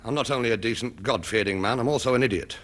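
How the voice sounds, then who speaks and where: A man's voice: mid-range voice, fast talker, background noise. Dry, mock-serious male comic narrator.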